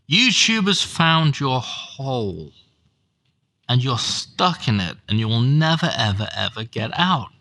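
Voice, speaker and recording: A man's voice: medium pitch, bright, forceful tone. A man giving profane, sardonic reaction commentary as a YouTube host.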